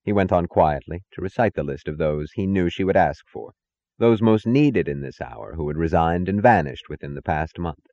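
A man narrating a novel in a measured, dramatic reading that gives each character its own voice. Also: low voice, expressive, darkish tone, highs cut off. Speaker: audiobook narrator. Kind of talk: scripted narration.

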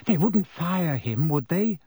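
Storybook schoolgirl: a man raises his voice into an anxious clever teen girl, noticeably higher and softer. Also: animated, slow pace, slightly rough, dry recording, studio quality, heavily acted. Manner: nervous, anxious.

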